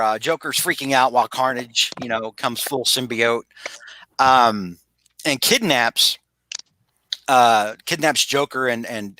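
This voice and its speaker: Bright-voiced man rambling through a recap. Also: mid-range voice, no echo. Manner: rambling, many restarts and acted-out quotes. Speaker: podcast co-host. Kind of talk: casual podcast chat.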